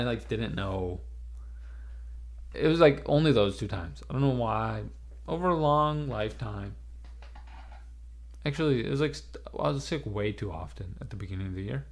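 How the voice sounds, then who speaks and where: A young man with a raspy, hoarse voice from being sick, rambling irreverently on a live stream with lots of fillers. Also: on the low side, lively intonation, moderate pace. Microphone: webcam mic.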